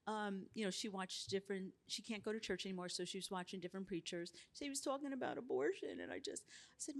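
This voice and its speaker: Woman, 60s, higher-pitched; chatty panelist with frequent laughter. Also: quick pace. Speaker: abortion survivor panelist. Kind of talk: live panel conversation. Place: conference stage.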